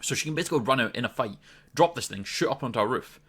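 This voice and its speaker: A Scottish man talks through a video game update in an easy, rambling way, dropping in ums and restarting his sentences as he goes. His voice is bright and sharp-edged, pitched at an everyday middle level for a man. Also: expressive, very fast, husky. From Scotland. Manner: chatty, loose, frequent ums and restarts. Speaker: gaming video host. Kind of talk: casual game commentary to camera.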